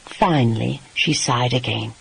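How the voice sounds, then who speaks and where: Man, audiobook narrator, husky voice, mid-pitched, even scripted romance narration. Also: unhurried, rough recording.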